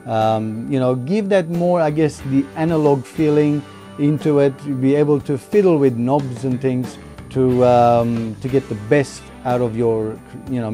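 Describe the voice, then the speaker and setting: A man hosting a casual home-studio software tutorial, talking in a halting way and pausing to search for words. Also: medium pitch.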